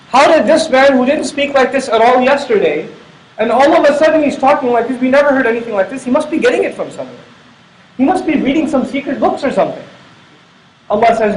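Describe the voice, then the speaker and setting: A man's voice: very high voice, reverberant, rough recording. A middle-aged man giving a Quran lecture, explaining points with repeated emphasis and acting out quoted dialogue. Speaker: Islamic speaker.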